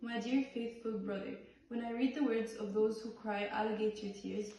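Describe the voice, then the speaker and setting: A woman performing a play by reading the script aloud in a halting way, with restarts on some words. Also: on the high side, dark tone. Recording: far-off voice in a very echoey room.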